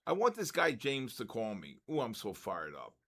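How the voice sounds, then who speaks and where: An older man hosting a live trading stream, excitedly calling out viewers' names and market moves, his voice worn from talking. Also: mid-range voice, moderate pace. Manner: excitable, calls out chat names. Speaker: trading livestream host.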